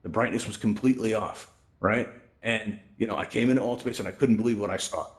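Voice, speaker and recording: Fast-talking chatty male VR host. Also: fairly low pitch. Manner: chatty, tags lines with "right?" and "you know". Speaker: host presenting a VR tutorial event. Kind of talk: casual spoken presentation.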